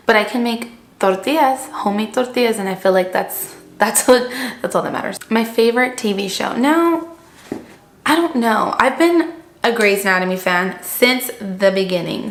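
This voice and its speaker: A woman's voice: mid-range voice, gravelly. A young woman vlogging to camera, chatting casually and rambling with lots of "like", seated indoors and recorded on the camera mic. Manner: chatty, rambling, heavy use of "like". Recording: echoey room.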